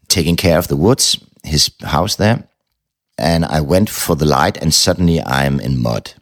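A man's voice: very deep voice, creaky, fairly bright tone. A middle-aged man, a novelist telling a personal story in an interview, blunt and candid, swearing casually.

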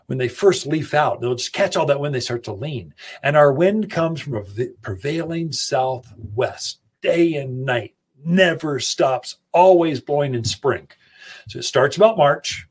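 Husky guy on a garden radio show, kinda high voice, folksy and chatty, close studio mic. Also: expressive, a little slow. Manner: folksy, chatty, addresses listeners directly. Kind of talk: casual radio advice talk. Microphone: studio microphone.

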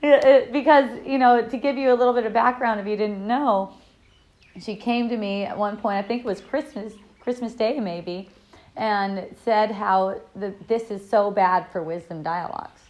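A woman's voice: medium pitch, moderate pace, darkish tone. A woman hosting an online dialogue group, telling a personal story in a casual, rambling way, upbeat and effusive with frequent restarts. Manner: rambling, laughs often, many restarts.

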